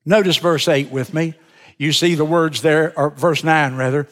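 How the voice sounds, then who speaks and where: A man preaching a sermon as pastor, slow and deliberate, leaning on repeated words for emphasis. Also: a little high, fairly even intonation, a bit bright. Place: church sanctuary. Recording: long reverb of a church sanctuary.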